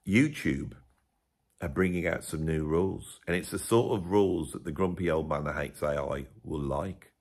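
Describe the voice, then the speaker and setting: A man's voice: extremely low pitch, normal speed, darkish tone. A middle-aged English man giving a rambling, sarcastic vlog commentary as a music YouTuber.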